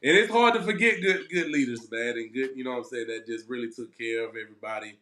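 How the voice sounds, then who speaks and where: A man who is a guest on a casual talk show, reminiscing in an easygoing way and often trailing off quietly. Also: medium pitch, fast talker. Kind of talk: casual chat. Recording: roomy echo.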